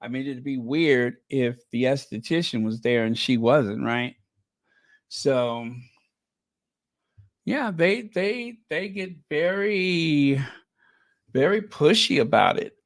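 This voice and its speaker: Male host doing slow, sarcastic commentary, mocking and rambling, in a dry booth. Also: mid-range voice, animated, dry recording. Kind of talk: casual commentary.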